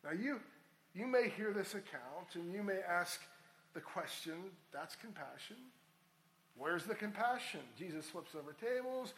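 High-voiced preaching pastor, man. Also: a bit bright, poor audio. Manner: preaching with rising emphasis, reading scripture aloud. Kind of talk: sermon.

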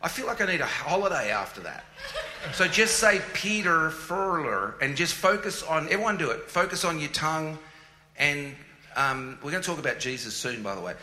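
A man with an Australian accent, speaking as a guest on stage in an animated, teasing, playful way. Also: a little high, a little fast, echoey room, rough recording. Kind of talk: joking stage chat.

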